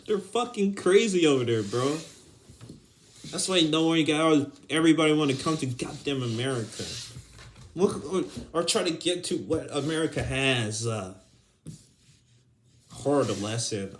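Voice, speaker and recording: A man's voice: medium pitch, lively intonation, moderate pace, slight background noise. Profane, heated young man ranting. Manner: profane, heated, breaks into laughter. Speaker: podcast host. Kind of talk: casual ranting monologue.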